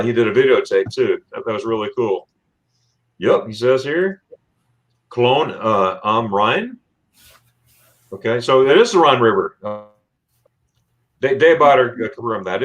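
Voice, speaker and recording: A man from Florida hosting a casual livestream, reading out viewer comments in a rambling, chatty way with plenty of fillers and restarts. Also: medium pitch. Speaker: livestream host.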